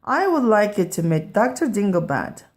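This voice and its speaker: A woman's voice: medium pitch, big pitch swings, normal speed, natural voice. A woman voicing a patient, kind female schoolteacher in a children's storybook read-aloud.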